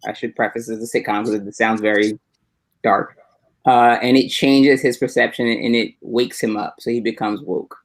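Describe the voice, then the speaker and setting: A man rambling through casual chat on a livestream, relaxed and wandering, heard over a video call. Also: mid-range voice, moderate pace, low-quality recording. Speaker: panel guest.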